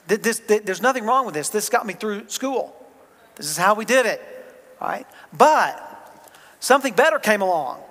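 A high-voiced male pastor with a Southern American accent preaches to his congregation in a chatty way, with jokes along the way. His voice carries the long reverb of a church sanctuary. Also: very animated, moderate pace, fairly bright tone. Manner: conversational, joking with the congregation. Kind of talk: sermon.

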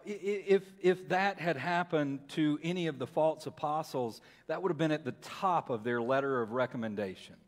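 A man preaching a sermon as pastor, telling a story dramatically, repeating words and swinging between hushed and loud. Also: normal speed, few pauses. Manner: dramatic storytelling, repeats words, rises and falls in pitch and volume. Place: church sanctuary. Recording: long hall reverb.

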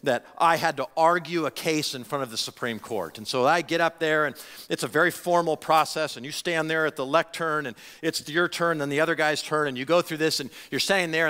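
A male pastor preaching a sermon to his congregation in an animated, conversational way, often restarting his phrases. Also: fairly high pitch, clear, resonant tone. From United States. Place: church sanctuary. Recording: long hall reverb.

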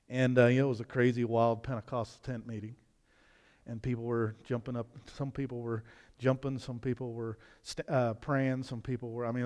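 A man preaching a sermon as pastor, talking conversationally with many restarts and swinging between loud and hushed. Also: medium pitch. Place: church sanctuary. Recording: long hall reverb.

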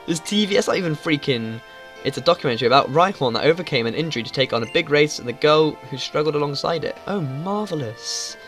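A man talks through a video game in a loose, excitable way, swearing as he goes. His voice sits a little high for a man. Faint game music plays underneath. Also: quick pace. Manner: casual, excitable, swears freely. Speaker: gaming YouTuber. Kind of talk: let's play commentary.

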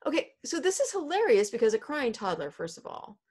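A woman English teacher explaining a play in a casual talk at home, animated and playful. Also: a little high, fairly quick, husky.

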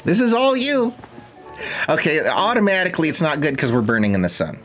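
A man's voice: fairly high pitch, sing-song, brisk, a bit bright, soft background music. A young man streaming a life-sim game, with casual, sarcastic, jokey commentary and frequent swearing.

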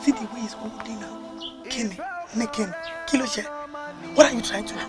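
Actress as gossiping friend, Yoruba-tinged Nigerian accent, pushy, music underneath. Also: female voice, fairly high pitch, a little fast, lightly acted. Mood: gloating. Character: gossiping meddlesome friend, adult woman.

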